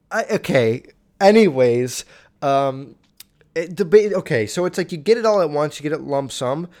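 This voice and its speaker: A man's voice: a little high, a little mellow. A young man in a casual, profane monologue, reading a list aloud, stumbling over words and swearing freely as he rambles. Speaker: vlogger.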